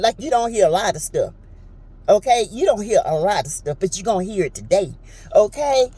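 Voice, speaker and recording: A woman, casually recapping a reality show in a chatty, animated way and acting out quotes in a high voice. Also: fairly quick, husky, rough recording. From Southern United States.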